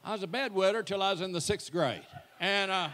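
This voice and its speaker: Man, 60s, church comic storyteller; bright, folksy, self-mocking. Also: high voice, a little fast, slight background noise. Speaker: church speaker. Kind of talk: comic storytelling to a live audience.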